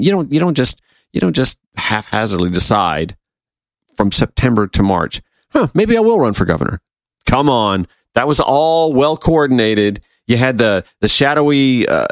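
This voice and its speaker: A man hosting a political talk show, reading a column aloud and breaking in with sarcastic asides. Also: dry recording. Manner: sarcastic, animated asides with sudden pitch jumps. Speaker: radio talk show host.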